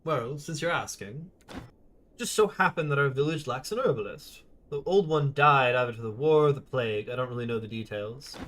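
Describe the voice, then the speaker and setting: A man's voice: medium pitch, lively intonation, normal speed, a bit bright, slight background noise, lightly acted. A man reading the lines of a mild-mannered bald village priest in a game, earnest and explaining.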